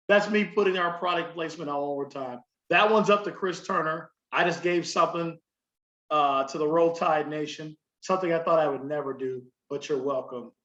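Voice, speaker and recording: A man co-hosting a podcast who tells stories in a lively, laughing, profane way, his voice sitting a little high for a man. He sounds recorded in a roomy space with a slightly muffled, dull tone. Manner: animated, swearing, laughing storyteller. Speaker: podcast co-host. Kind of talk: casual chat.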